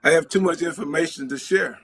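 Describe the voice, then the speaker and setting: A man's voice: a little high, brisk, a crowd in the background. A man, a coach appearing as a guest on a sports talk show, speaking emphatically and repeating himself. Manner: emphatic, repeats words, trails off softly.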